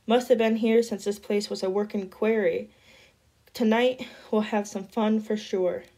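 A woman's voice: mid-range voice, steady tone, a little slow, mellow. A woman reading aloud, voicing a mean, bossy teenage boy who bullies others. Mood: sneering. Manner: sneering, bossy.

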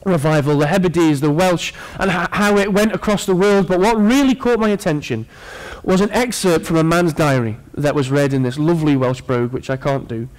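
Fairly high-voiced earnest male preacher. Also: brisk, hardly any pauses, a little mellow. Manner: earnest, with playful asides to the congregation. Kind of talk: sermon.

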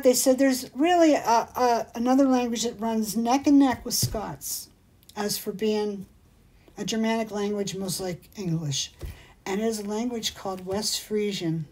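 A woman's voice: mid-range voice, darkish tone. A woman hosting a casual livestream, chatting in a rambling, digressive way and reading out viewer comments. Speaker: jewelry shop livestream host.

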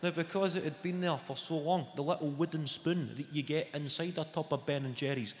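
Scottish male stand-up, brash and sweary, fairly high voice, live echoey theatre sound. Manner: brash, sweary storytelling with rapid food lists. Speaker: stand-up comedian. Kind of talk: stand-up routine. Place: large theatre stage. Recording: echoey live hall with loud room ambience.

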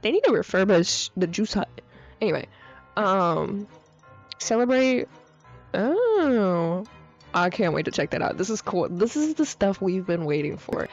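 A young woman giving excitable, slang-heavy commentary on a game update, holding a handheld mic that peaks. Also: medium pitch, a little slow. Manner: excitable, chatty, full of slang and fillers. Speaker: gaming YouTuber. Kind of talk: casual gameplay commentary. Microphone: handheld mic, peaking and overdriven. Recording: dull lo-fi mic with faint music.

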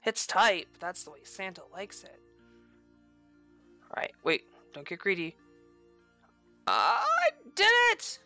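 A woman hosting a let's play, excitable and profane, with loud outbursts. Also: on the low side, a little slow, pauses often, faint music behind. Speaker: gaming video host.

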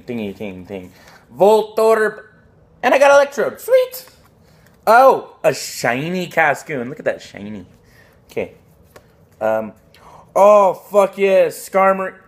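A young man talking casually as he unboxes trading cards on a phone recording, excitable, swearing often and tossing out jokey asides. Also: sits high. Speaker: card unboxing vlogger.

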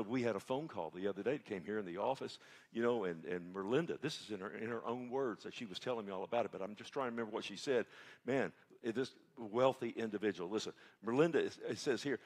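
A man's voice: medium pitch, breathy edge. A male pastor preaching a folksy, conversational sermon and often checking in with his congregation. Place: church sanctuary.

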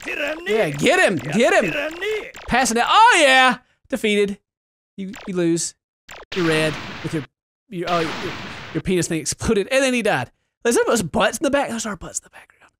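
Jokey gamer guy, high and bouncy voice, excitable let's-play commentary, noisy recording. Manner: jokey, yelps and laughs at the screen. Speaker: video game let's-player.

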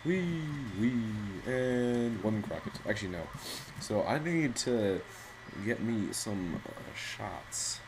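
A man with a fairly low voice gives live gameplay commentary. He rambles through jokes and self-mocking asides. Faint noise sits under his voice. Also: expressive, slow, creaky. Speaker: gaming channel host.

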